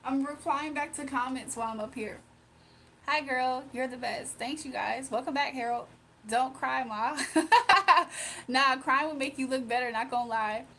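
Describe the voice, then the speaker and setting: A young woman from Virginia hosting a casual livestream, reading comments aloud, emotional and quick to laugh. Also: high-pitched, fairly even intonation, a bit bright, a little hiss or hum. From Virginia, USA. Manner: emotional, giggly, talks to chat. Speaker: livestream host.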